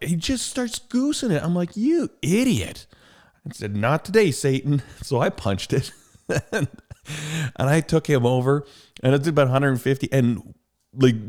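A man with a low voice chats casually, spinning driving stories. He acts out heated rants at other drivers in an animated way. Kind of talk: casual chat.

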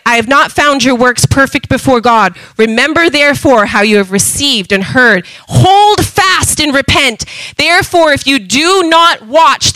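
A woman preaching a sermon with passion, going from loud emphatic calls to soft asides. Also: sits high, no room sound, rough recording.

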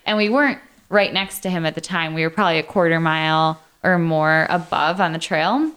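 Podcast lady, low smooth voice, chatty storytelling, laughs a bunch. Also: brisk. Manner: laughs often, relaxed storytelling. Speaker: podcast co-host. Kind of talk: casual storytelling chat.

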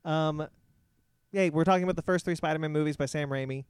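A man's voice: a little high, fairly even intonation, fast talker, clean tone, dry recording. A young man hosting a podcast in casual chat, hesitant and full of ums. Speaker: podcast host.

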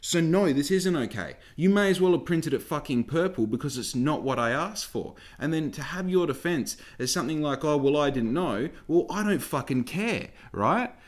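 A young Australian man telling a rambling story in a casual, profane, animated way. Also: a little high, moderate pace, hardly any pauses.

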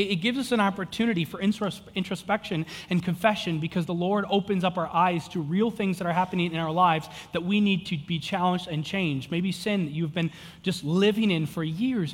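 High-voiced guy preaching a sermon, earnest story then gets fired up, big echoey church. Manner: earnest storytelling with rising passion. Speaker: pastor. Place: church hall. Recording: long reverb of a large hall.

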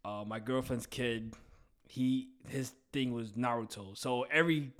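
A man's voice: medium pitch, a little slow. A young adult man hosting a casual podcast chat, laid-back and full of "like" and "you know". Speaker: podcast host.

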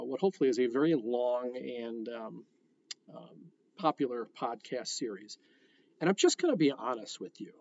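A man's voice: medium pitch, darkish tone, muffled recording. A man hosting a real estate podcast, talking frankly and conversationally, with frequent fillers and restarts. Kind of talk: podcast monologue.

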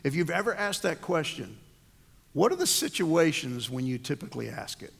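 A man's voice: a little high, sing-song, normal speed, creaky, fairly bright tone, slightly rough, long reverb tail. A man preaching a sermon as the pastor, asking the congregation rhetorical questions.

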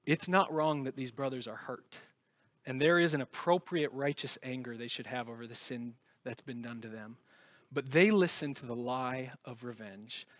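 A pastor preaching a sermon with earnest conviction, moving from loud emphasis to hushed, intense passages. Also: male voice, medium pitch, moderate pace, no echo.

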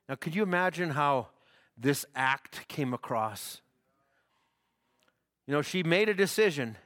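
A man preaching a sermon, halting and repeating words, then building to emphatic declarations. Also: fairly high pitch, expressive, bright, forceful tone.

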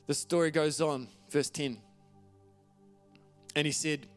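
A man's voice: a little high, fairly even intonation, slow pace, long pauses, faint music behind. A man preaching a sermon in an earnest, conversational way, reading scripture aloud and often restarting his phrases. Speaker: pastor.

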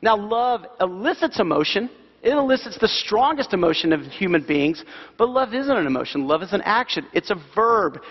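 A middle-aged man preaching a sermon in a church, animated and repeating key phrases for emphasis. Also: high-pitched, normal speed, slightly rough. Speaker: pastor. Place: church sanctuary. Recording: dull sound with long hall reverb.

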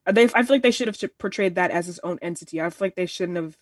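A woman's voice: lowish voice, rapid-fire, no room sound. An earnest young woman around twenty shares her views in a loose, rambling way, often starting over and acting out little quotes. She sounds a bit far from the mic in a dry space. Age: 20s. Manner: earnest, rambling with many restarts and quoted asides. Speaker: panelist. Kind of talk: casual discussion.

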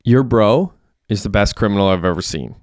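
A man's voice: on the low side, animated, a little fast, no echo, studio quality, natural voice. A man voicing a brutish male henchman who talks in a boastful way.

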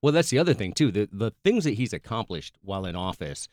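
A man chatting about politics in a measured, earnest way with some restarts. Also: fairly low pitch, big pitch swings, darkish tone, no echo, clean studio sound. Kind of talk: casual political chat.

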